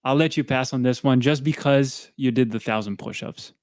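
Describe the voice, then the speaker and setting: Male co-host, mid-range voice, winded from pushups, lively storyteller, dry close-mic sound. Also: medium pitch, normal speed, dry recording. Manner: animated storyteller, acts out quoted dialogue. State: out of breath. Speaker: podcast co-host. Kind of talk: casual chat during a pushup livestream.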